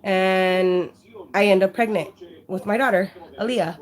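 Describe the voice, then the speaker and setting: A woman's voice: mid-range voice, unhurried. A woman telling her story casually to a handheld camera, rambling with frequent "you know" and freely swearing. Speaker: vlogger sharing her life story. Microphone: handheld camera at arm's length.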